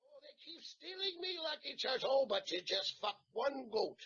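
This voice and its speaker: A man putting on the voice of a blustery middle-aged Irish priest, pitched high in a bawdy brogue. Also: sing-song, moderate pace, pushed and bright, a little hiss or hum, exaggerated voice. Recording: dull lo-fi sound.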